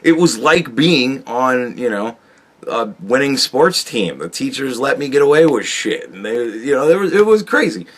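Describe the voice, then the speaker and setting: A man's voice: medium pitch, sing-song, normal speed. Rambling, profane man ranting. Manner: rambling, profane, self-interrupting, swings from loud outbursts to mutters. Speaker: podcast host. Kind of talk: casual monologue.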